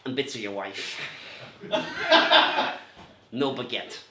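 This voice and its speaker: A man on a comedy stage impersonating a rumpled, dogged TV police lieutenant, talking in a slow, quiet drawl that keeps circling back with "sir" and "you see.". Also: mid-range voice, heavy background noise, close to an everyday voice. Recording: roomy club echo.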